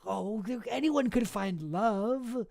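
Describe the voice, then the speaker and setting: A man voicing a gushing, sentimental viewer who sighs and swoons in a high, breathless voice. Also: takes it slowly, vocal fry, a little mellow, exaggerated voice. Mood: swooning. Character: gushing, lovestruck viewer, sentimental and starry-eyed.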